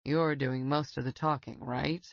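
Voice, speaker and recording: A woman's voice: extremely low pitch, fairly even intonation, a little slow, gravelly, dry recording, muffled recording, voice pushed down, full character voice. A woman voicing an older retired male detective who speaks bluntly, with wry and stubborn pride, in an audiobook. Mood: gruff.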